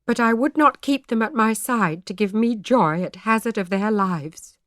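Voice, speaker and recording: A woman voicing a gentle, devout pastor's wife who speaks earnestly and imploringly. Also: a little high, moderate pace, dry recording, studio quality, pitched above the performer's own voice, natural voice. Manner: earnest, imploring, soft-spoken.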